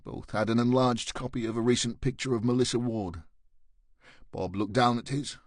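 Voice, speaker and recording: A man narrating a crime thriller audiobook in a measured, even reading. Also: mid-range voice, no echo, studio quality. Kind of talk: scripted narration.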